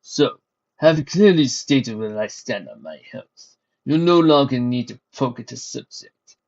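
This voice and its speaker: A man voicing a menacing, mocking male pony warlord, louder and higher than his narration, with a husky tone on a dull lo-fi recording. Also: expressive, normal speed. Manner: mocking, coy sneer.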